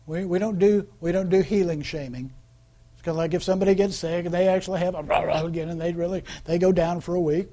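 A man's voice: high voice, dark tone. A man preaching a sermon in a loose, conversational way, asking the congregation questions and acting out quoted voices. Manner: conversational preaching with rhetorical questions and call-outs; acts out quoted voices mockingly. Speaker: pastor.

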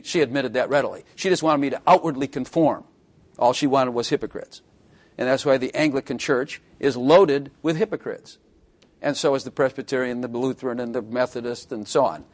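A man preaching a sermon, emphatic, repeating phrases and asking the congregation questions. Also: mid-range voice.

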